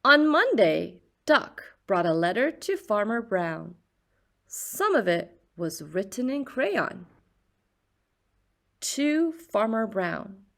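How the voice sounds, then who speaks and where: A woman reading a children's picture book aloud in a slow, expressive storyteller's voice. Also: mid-range voice, vocal fry.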